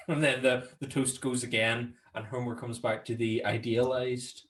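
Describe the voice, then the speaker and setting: A Northern Irish man co-hosting a podcast, recapping scenes in casual chat, laughing often and jumping into high, silly voices when quoting characters. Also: little pitch movement, a little slow, a bit bright. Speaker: podcast co-host.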